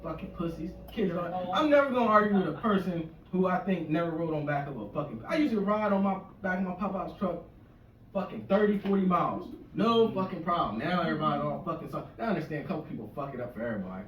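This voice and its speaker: A man's voice: sits high, expressive, fast, dull audio. A man doing a loose, profane stand-up rant on stage, often laughing at his own jokes. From Maryland. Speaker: stand-up comedian. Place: comedy club stage. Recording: echoey club from a distance with noise.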